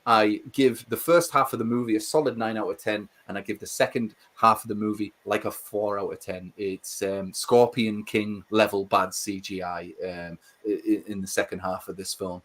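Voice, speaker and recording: A man co-hosting a casual livestream chat, animated and swearing as he rants about films. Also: on the low side, normal speed, hardly any pauses. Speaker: co-host.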